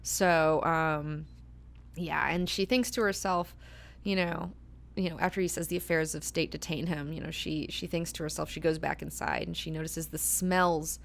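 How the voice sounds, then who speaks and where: A woman's voice: sits low, steady tone, moderate pace, gravelly. A woman hosting a book club discussion, talking casually with many fillers and frequent swearing. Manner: chatty, filler-heavy, swears freely.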